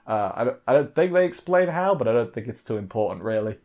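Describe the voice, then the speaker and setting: A man's voice: medium pitch, expressive, fast talker. Rambling man reviewing an episode, lo-fi. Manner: rambling, off-the-cuff, self-correcting. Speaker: anime reviewer. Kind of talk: casual spoken review.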